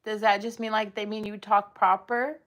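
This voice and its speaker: A woman's voice: medium pitch, flat delivery, moderate pace, a bit bright. A woman hosting a casual livestream, rambling and chatting as she reads and answers viewer comments from home. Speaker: livestream host. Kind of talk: casual live chat.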